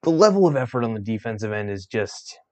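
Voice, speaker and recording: Exasperated over his basketball team, a yawning, tired man vlogging about sports vents with swearing and restarted sentences. His voice is on the low side, with big pitch swings and a quick pace.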